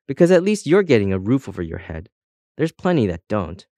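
A man's voice: lowish voice, sing-song, fairly quick, mellow, no room sound. A man voicing a menacing, curt male pair of scissors who speaks in clipped, threatening lines.

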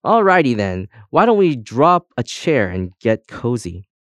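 A man's voice: medium pitch, sing-song, a little slow, dry recording. A man voicing a cheery, folksy male sheriff made of spectacles, talking in a hearty, jokey drawl.

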